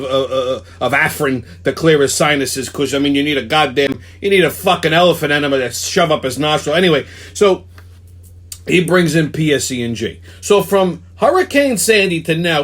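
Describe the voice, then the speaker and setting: A man's voice: on the high side, fairly bright tone. A man, hosting a ranting weekly commentary, heated and swearing constantly. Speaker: show host.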